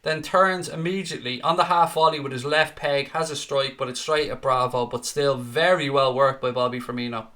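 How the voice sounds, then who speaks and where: A young man hosting a live fan watchalong, calling play and answering viewer comments in an excitable, sweary, bantering way. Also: medium pitch, brisk, few pauses.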